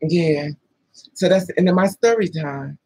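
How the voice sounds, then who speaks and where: A man's voice: a little high, normal speed, slightly rough, no echo, rough recording. A man telling a personal story in a casual vlog, bluntly and with swearing, acting out what others said. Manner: lively storyteller, blunt and profane, acts out the other voices.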